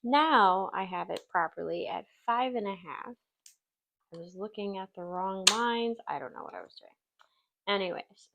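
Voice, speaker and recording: A woman's voice: mid-range voice, creaky. Woman from Wisconsin, craft host; casual, self-deprecating, talks while she works. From Wisconsin, USA. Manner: chatty, self-deprecating, laughs easily.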